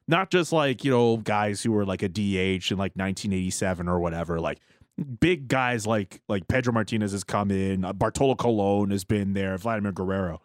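A lower-pitched man co-hosts a sports radio show, telling stories loosely and full of fillers. His voice sounds dry and close in the studio. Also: no echo. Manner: rambling, filler-heavy storytelling. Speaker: radio co-host. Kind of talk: casual sports radio chat.

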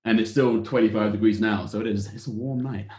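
A man's voice: on the low side, steady tone, fast, dark tone, echoey room. A man, a guest calling into a podcast over a video call, chatting in a friendly way. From England. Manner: friendly, laughing. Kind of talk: casual chat. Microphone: video call with headphones.

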